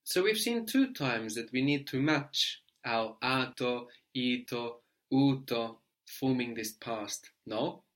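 A man teaching a language lesson, explaining patiently step by step and checking understanding with a quick "no?". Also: mid-range voice, lively intonation.

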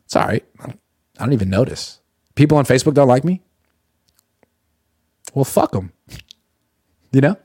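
A man's voice: medium pitch, sing-song, moderate pace, long pauses, mellow, slightly rough, no room sound, clean studio sound. Blunt, opinionated man riffing on football. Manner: blunt, opinionated, swears casually, reads viewer comments aloud. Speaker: sports commentator answering viewer chat. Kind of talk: casual live-stream chat.

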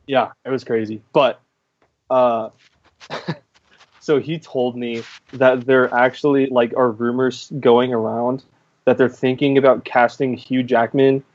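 A man's voice: medium pitch, level tone, slow pace, darkish tone, no room sound, highs cut off. A young man co-hosting a movie review, rambling casually with lots of filler words. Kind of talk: casual chat.

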